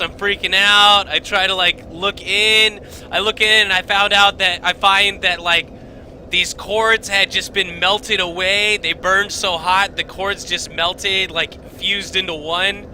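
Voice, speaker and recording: A man's voice: high-pitched, bright, forceful tone, slight background noise, rough recording. A young man streaming from his home basement, telling a story casually, rambling and swearing with lots of fillers and restarts.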